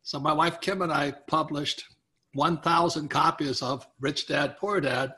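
Bright and a bit higher than most men's, the guest author's voice carries an unhurried, lively telling of a long story for an interviewer. He keeps the narrative moving with energy and impersonates the people he quotes.

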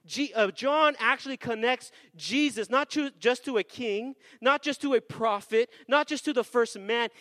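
A man preaching a sermon as pastor, energetic with call-and-response and slowing down for emphasis. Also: extremely high pitch, no echo. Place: church sanctuary.

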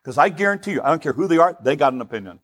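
A man's voice: a little high, lively intonation, racing, fairly bright tone. A male pastor preaching a sermon in an emphatic, conversational way, often repeating words for stress.

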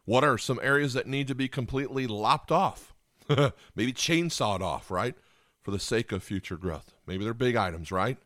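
A man's voice: medium pitch, normal speed, a bit bright, dry recording, studio quality. A man preaching a sermon as pastor, repeating key lines and asking listeners rhetorical questions.

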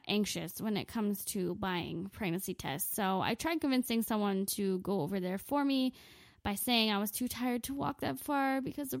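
A woman's voice: a little high, no echo. A woman telling a comic story in a profane, sarcastic, self-mocking way. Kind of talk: comedic storytelling monologue.

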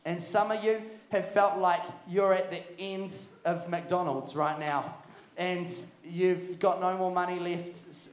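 A young man preaching to a youth camp, energetic and jokey. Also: high-pitched. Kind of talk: sermon. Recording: echoey hall.

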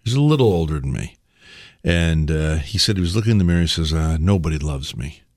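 A middle-aged man hosting a casual talk, telling stories with lively, acted-out quotes. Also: very deep voice, fairly quick, dry recording, clean studio sound. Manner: animated storyteller, acts out quotes loudly. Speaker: podcast host. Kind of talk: casual conversation and storytelling.

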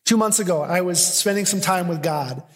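A man preaching a sermon as pastor, swinging from loud, emphatic declarations to quiet, intimate storytelling. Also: high voice, moderate pace, in a large hall.

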